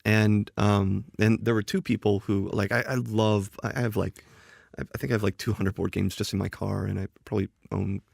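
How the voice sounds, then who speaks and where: A man's voice: on the low side, flat delivery, fairly quick, creaky, darkish tone, breathy edge, no room sound, clean studio sound. A man, a game designer guest on a podcast, telling a story animatedly, often restarting and acting out quoted dialogue. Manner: often restarts and repeats words. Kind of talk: casual podcast chat.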